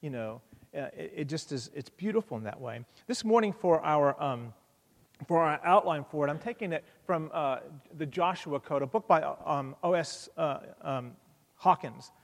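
Guy preaching a sermon, kinda high voice, um-ing and restarting a lot, big echoey hall. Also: lively intonation, normal speed, gravelly. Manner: earnest, repeats words, many fillers and restarts. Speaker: pastor. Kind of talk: sermon with opening prayer.

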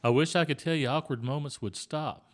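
A man hosting an interview, talking in a calm, relaxed way. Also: a little high, brisk, a little hiss or hum. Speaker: host.

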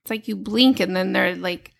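Woman in her 30s, podcast co-host, mid pitch with a creaky edge, teasing banter. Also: moderate pace. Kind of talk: casual chat.

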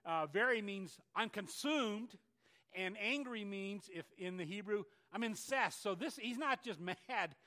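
An older male pastor preaching a sermon in a conversational, animated way, with frequent restarts and asides. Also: sits high, unhurried.

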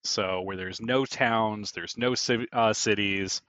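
Male game master, steady and explanatory, recorded dry on a dull lo-fi mic. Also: fairly low pitch, no echo. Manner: measured, explanatory, many "uh" fillers. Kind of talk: narrating a tabletop game.

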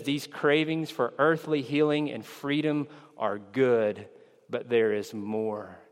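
With a long reverb from the hall behind him, a pastor in a mid-range voice preaches steadily and sincerely. He leans on important words, and when he quotes the disciples he gets louder and more excited.

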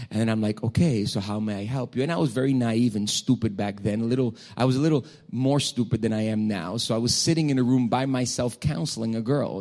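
A male pastor preaching a sermon, telling a personal story in an animated way with frequent restarts. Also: medium pitch.

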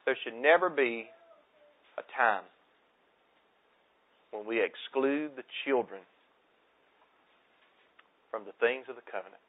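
A man's voice: medium pitch, slow pace, pauses often. A middle-aged man, preaching a sermon that swells into impassioned calls. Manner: preaching with rising, impassioned intensity. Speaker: pastor. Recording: tinny phone-like sermon recording.

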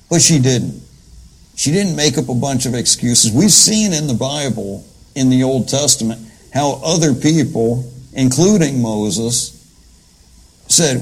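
A man's voice: mid-range voice, animated, normal speed, slightly rough, poor audio. A man preaching a conversational sermon, retelling scripture in plain, folksy everyday talk.

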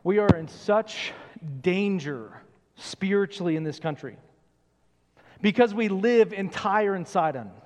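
A man's voice: high-pitched, animated, measured pace, a little mellow, in a large hall. A man, a pastor, preaching a sermon earnestly and questioning his listeners. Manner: earnest, questioning, acts out quoted voices.

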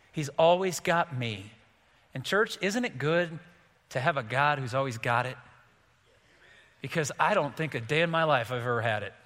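Bright-voiced pastor preaching in a hall. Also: male voice, on the high side. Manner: animated, acts out quotes with big swings in loudness. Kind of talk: sermon.

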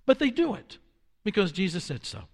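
Pastor, male, fifties, somewhat high-pitched, animated sermon storyteller. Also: normal speed, vocal fry, big-room sound. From Washington, D.C. area. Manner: storytelling, animated with drops to a hush for quoted lines.

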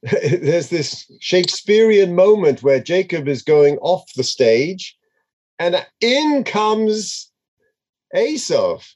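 Animated man chanting and explaining scripture. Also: fairly high pitch. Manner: chants Hebrew verses then translates, dramatic and expressive. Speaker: Torah teacher. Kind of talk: animated text study lesson.

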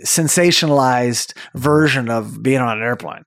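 A man's voice: medium pitch, normal speed, dry recording, clean studio sound. A man co-hosting a podcast in casual chat, talking with enthusiasm. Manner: enthusiastic, talkative, animated. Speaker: podcast co-host.

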